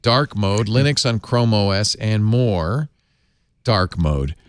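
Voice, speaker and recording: Lively, laughing man hosting a tech show. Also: slow, smooth, dry recording, studio quality. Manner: animated, laughing, jumps up in pitch when excited. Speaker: podcast host. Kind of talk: casual tech podcast chat.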